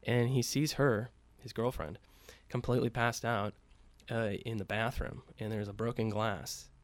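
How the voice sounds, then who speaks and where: A man's voice: medium pitch, flat delivery, a little slow. A man telling a story casually, with loose profane talk and many fillers, acting out the quoted lines lightly.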